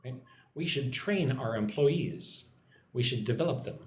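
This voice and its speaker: On a live stream, a man teaches English with patience, his pitch swinging widely as he explains each sentence. He speaks animatedly but a little slowly, repeating key words and often asking "right?", while the room lends his voice a clear echo.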